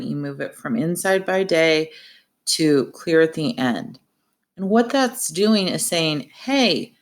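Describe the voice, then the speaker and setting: A woman teacher giving a recorded grammar lesson, explaining patiently step by step with examples. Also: low-pitched.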